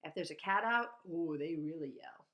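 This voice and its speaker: A woman reads a bird picture book aloud to children, stopping to chat about the birds she sees near her outdoor school. Her pitch swings widely, and she leaps into high, bright bird calls, then falls to a quiet whisper for the still nesting bird. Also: expressive, moderate pace, dull audio. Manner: shifts to hushed whisper for quiet parts.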